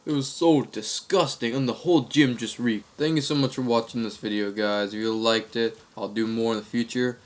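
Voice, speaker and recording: A young man tells stories from his life to the camera in a loose, rambling way with plenty of crude slang. His voice sits at a middling pitch for a man. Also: steady tone, brisk, few pauses. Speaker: vlogger. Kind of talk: casual comic storytelling.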